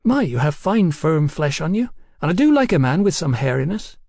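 Brief: man doing a high, loud, slurring tipsy working girl, brash and forthright, in a dry audiobook read. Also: sing-song, normal speed, no echo. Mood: bawdy. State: drunk. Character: tipsy bawdy young London working woman.

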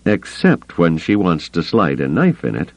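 A man voicing a gruff, sardonic middle-aged smuggler pilot who growls his blunt remarks, in an audiobook. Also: low voice, wildly swooping pitch, moderate pace, a little mellow, no echo, full character voice, low-quality recording. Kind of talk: audiobook character voice.

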